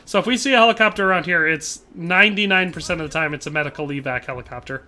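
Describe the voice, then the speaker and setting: A man's voice: on the high side, very fast, a little hiss or hum. A man hosting a live game stream, chatting casually and reading viewer comments, rambling and restarting his sentences with frequent laughs. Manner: rambling, animated, laughs often, trails off and restarts. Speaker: gaming livestream host.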